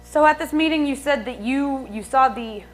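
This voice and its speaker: A woman's voice: sits high, soft background music, lightly acted, poor audio. A woman playing a methodical trial lawyer. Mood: probing. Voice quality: measured, methodical questioning. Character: adult female lawyer questioning a witness. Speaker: attorney. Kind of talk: improvised courtroom drama.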